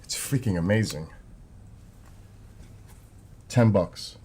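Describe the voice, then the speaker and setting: A man's voice: sits low, expressive, slow pace, warm tone, slight background noise. A man with a New York accent, chatting casually and rambling to his viewers on a live stream.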